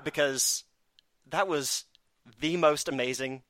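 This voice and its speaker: A man's voice: fairly high pitch, slow, a bit bright, dry recording. A man hosting a casual podcast chat, snarky and self-mocking as he talks. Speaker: podcast host.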